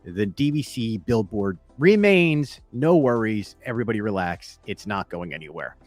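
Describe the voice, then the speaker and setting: A man's voice: lowish voice, very animated, moderate pace, a little mellow, no room sound. Man, podcast co-host, casual chat, rambling, laughs a lot, dry sound, faint music behind. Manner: chatty, rambling, laughs often. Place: home.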